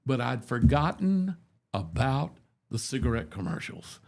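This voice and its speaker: A man's voice: medium pitch, big pitch swings, a little slow, vocal fry, a little mellow. Chatty older man telling stories. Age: 70s. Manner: rambling, folksy, self-deprecating. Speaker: radio show host. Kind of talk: casual storytelling chat.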